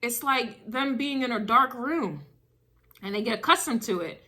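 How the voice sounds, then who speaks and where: A woman's voice: a little high, expressive, normal speed, pushed and bright. A woman doing a casual spiritual reading to camera, emphatic and driving her points with repeated phrases. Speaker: tarot reader.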